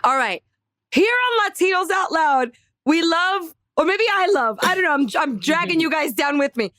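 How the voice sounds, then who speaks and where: A woman hosts a podcast in a high, lively voice, laughing often and jumping from topic to topic. The recording is dry and close, with no room sound. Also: moderate pace, dry recording. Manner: animated, laughing, bouncing between topics. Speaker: podcast host. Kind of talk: casual podcast chat.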